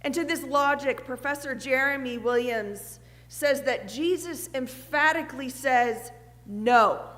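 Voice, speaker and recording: A woman pastor preaching a sermon in a church. She speaks earnestly, asks rhetorical questions and at times drops to a hushed voice. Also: high-pitched, a little slow, few pauses. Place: church sanctuary. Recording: long reverb of a church hall.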